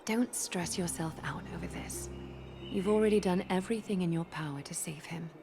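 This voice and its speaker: A composed noble leader with a gravelly, low-edged voice. She speaks in a calm, hushed and measured way. Game music runs beneath her. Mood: reassuring.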